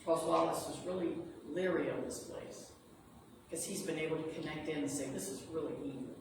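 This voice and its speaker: Captured from a distance in a noisy, echoing hall, this sermon comes from a woman reverend in a spiritual center's sanctuary. Her low voice has vocal fry and fairly even intonation, and she speaks a little fast while retelling a story in a sincere, comforting way.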